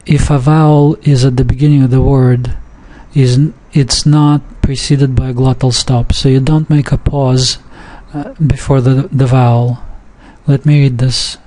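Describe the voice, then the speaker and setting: Slow, mellow-voiced man teaching pronunciation. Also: mid-range voice, little pitch movement. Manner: slow and deliberate, reads example words aloud. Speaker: language teacher. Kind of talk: recorded language lesson.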